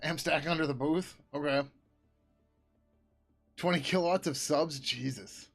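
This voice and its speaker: A man's voice: on the high side, unhurried, vocal fry, faint music behind. A man chatting casually on a live stream while he works on code, reading out and answering chat questions and laughing often. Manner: drops into a loud joking whisper. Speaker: open-source developer streaming.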